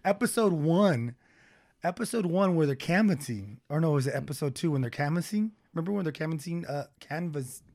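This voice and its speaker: A man's voice: a little high, animated, brisk, a little mellow. A man co-hosting a podcast, chatting loosely, swearing often and tripping over words. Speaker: podcast co-host. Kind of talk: casual chat.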